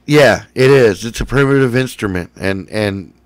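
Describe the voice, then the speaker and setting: A man's voice: fairly low pitch, moderate pace, no room sound. A man in casual chat who jokes, swears freely and laughs often. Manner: laughing, profane, joking.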